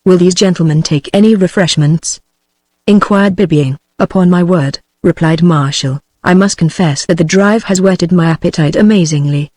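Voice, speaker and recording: A text-to-speech woman's voice with a British accent, reading a novel aloud in a steady, machine-even audiobook narration. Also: fairly low pitch, moderate pace, no echo. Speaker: audiobook reader.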